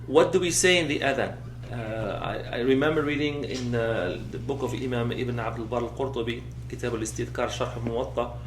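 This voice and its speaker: A man teaches Islamic law in a classroom lecture, his mid-range voice moving a little fast with hardly any pauses. He breaks things down step by step, keeps checking "okay?", and shifts between English and recited Arabic passages, all captured in a roomy space with faint background noise.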